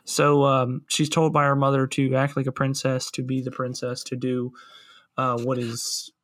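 A man's voice: mid-range voice, completely flat delivery, moderate pace, a bit bright. A man co-hosting a casual movie podcast, explaining his points thoughtfully. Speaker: podcast co-host.

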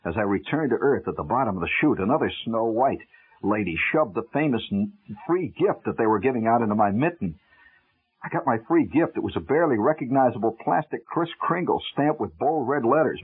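A man telling a humorous first-person story on the radio, wry and animated, swinging from loud to hushed. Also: on the low side, moderate pace, slightly rough. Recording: tinny old radio broadcast with music.

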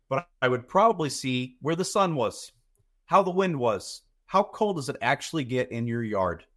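A man's voice: medium pitch, very animated, moderate pace. A man in his thirties, a podcast guest talking casually and rambling, often repeating words as he thinks. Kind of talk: casual chat.

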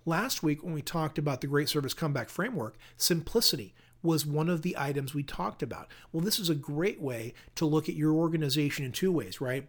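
A middle-aged man hosting a solo podcast, coaching listeners on customer service in an upbeat, question-filled way. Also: fairly high pitch.

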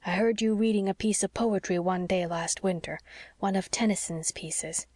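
A woman reading as a frail, gentle old sea captain. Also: medium pitch, normal speed, dry recording, lightly acted. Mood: tender.

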